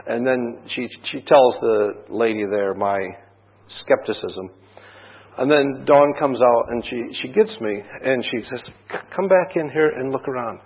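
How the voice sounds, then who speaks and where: A husky-voiced man preaches in a relaxed, storytelling manner, throwing rhetorical questions at his listeners. His voice comes through a thin, tinny line. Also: mid-range voice. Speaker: pastor. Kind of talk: sermon. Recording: tinny phone-like band.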